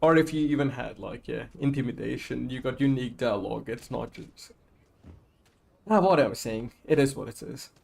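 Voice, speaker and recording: A man's voice: mid-range voice, moderate pace, gravelly, a little mellow, slightly rough. A man casually commenting while he plays a game, rambling and calling everyone "bro". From outside the game's country. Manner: laid-back, says "bro" a lot, rambling. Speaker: gaming streamer.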